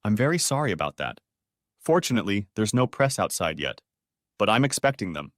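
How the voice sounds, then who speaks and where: A man voicing a polite winery owner who speaks courteously and softly. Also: lowish voice, very animated, fairly quick, no room sound, clean studio sound. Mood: apologetic.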